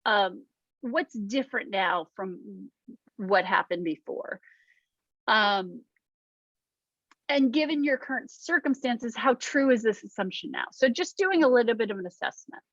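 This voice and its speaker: A woman's voice: on the high side, animated, unhurried, fairly bright tone, no room sound. Chatty woman life coach, dull recording. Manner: chatty, frequent ums, acts out quotes. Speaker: life coach leading a workshop. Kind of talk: casual workshop talk to a small group. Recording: dull lo-fi dry sound.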